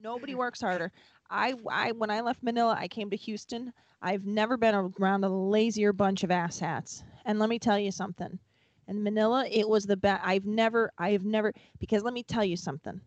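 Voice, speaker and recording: A man voicing a gruff, rambling older father who speaks bluntly and chuckles between lines. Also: high-pitched, fairly even intonation, brisk, dry recording, dull audio, lightly acted. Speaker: panelist.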